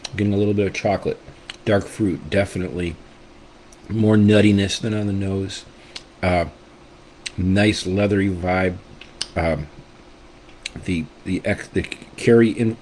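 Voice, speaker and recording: A man talks through a whisky tasting in a relaxed, rambling way, gushing with enthusiasm and often restarting his thoughts. His voice sits fairly low and has a warm, mellow tone. A faint hiss of noise runs under the recording. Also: rough recording. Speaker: whisky reviewer and channel host. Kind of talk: casual tasting review.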